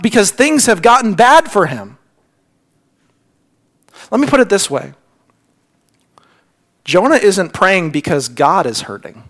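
Male pastor, higher voice, earnest sermon delivery with hushed drops. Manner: earnest, repeats words when stressing points; drops to a hushed near-whisper on key lines.

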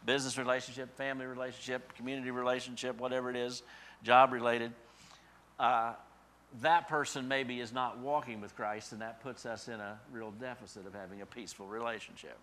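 A male pastor giving a sermon, building to loud emphatic peaks and dropping to soft, quiet endings. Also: medium pitch, a little fast.

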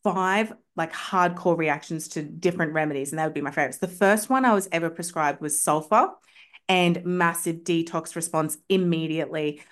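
A woman's voice: deep voice, normal speed. Chatty, enthusiastic woman guest. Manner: enthusiastic, chatty, frequent "like" fillers. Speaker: homeopath guest. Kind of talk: casual storytelling in a podcast interview.

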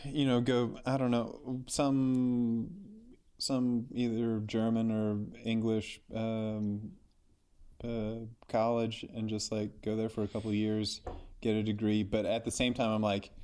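A man's voice: lowish voice, monotone, slow, warm tone, clean tone. A man chatting casually as a podcast co-host, rambling with lots of fillers. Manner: rambling, filler-heavy, slips into mock voices. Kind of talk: casual chat.

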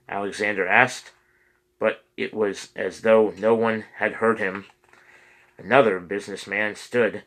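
A man narrating an audiobook chapter in a steady, measured reading. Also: lowish voice. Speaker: audiobook reader.

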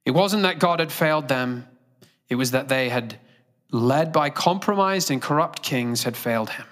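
A man's voice: mid-range voice, expressive, moderate pace, fairly bright tone. A male pastor delivering a sermon earnestly, engaging the congregation with direct questions.

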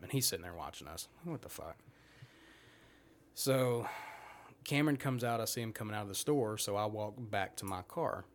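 A man in his thirties, a podcast guest, telling a rambling, profane story in casual chat. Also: medium pitch. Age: 30s.

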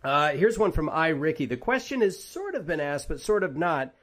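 A man's voice: fairly high pitch, sing-song, normal speed, fairly bright tone. A man hosting a casual interview, chatty and joking as he reads out viewer questions. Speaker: podcast host.

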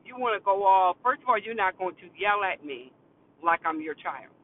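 A man's voice: high-pitched, animated, normal speed, a little hiss or hum. A man who works in retail tells a story about a customer in a firm, emphatic way and repeats his key phrases. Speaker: retail worker telling a work story. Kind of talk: casual storytelling rant to camera. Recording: tinny phone-like sound.

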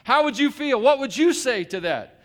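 A man's voice: very high voice, lively intonation, normal speed, fairly bright tone. A male pastor preaching a sermon in a conversational way, with joking asides and emphatic repetition.

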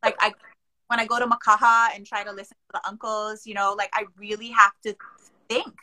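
A woman's voice: medium pitch, flat delivery, brisk, pushed and bright, poor audio. A woman from Hawaii hosting a casual chat, explaining things with chatty asides. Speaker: host.

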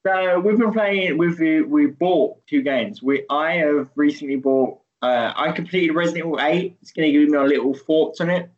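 A man's voice: a little high, moderate pace, few pauses. Teasing man on a dull lo-fi line. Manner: teasing, rambling with restarts. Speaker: podcast host. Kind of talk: casual chat.

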